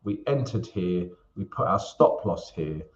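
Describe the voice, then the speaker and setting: A man's voice: sits low, expressive, a little slow, muffled recording. A man hosting a live stream Q&A, talking casually through chart analysis with frequent fillers and tag questions. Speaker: forex trading host.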